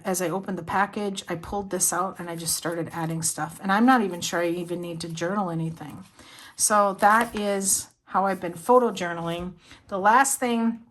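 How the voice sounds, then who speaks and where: A woman's voice: mid-range voice, fairly bright tone. A middle-aged woman chatting casually on her vlog, showing her planners and journals, talking in a heartfelt, rambling way with many fillers. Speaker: planner vlogger. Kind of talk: casual show-and-tell chat.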